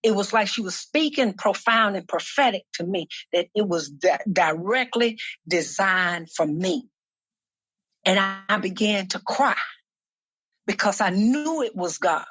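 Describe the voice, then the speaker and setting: A woman minister and activist sharing her personal testimony in a podcast interview, speaking earnestly and slowly, often repeating herself as she gathers her thoughts. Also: mid-range voice, animated, fairly bright tone, slightly rough, dry recording.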